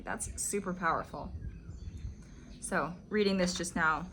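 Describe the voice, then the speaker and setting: A woman with a somewhat low voice talks to her viewers in a relaxed, reflective monologue. She tells stories in a chatty way, leaning on "like" as a filler, with a faint hiss of background noise. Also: measured pace. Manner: chatty storytelling with frequent "like" fillers. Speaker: vlogger discussing spiritual teachings.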